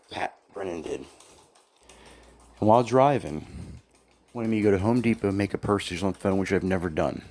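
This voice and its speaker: In a deep, slightly mellow voice, a man airs his grievances as a former employee. He tells it casually in the first person, blunt, aggrieved and profane, repeating what people said to him.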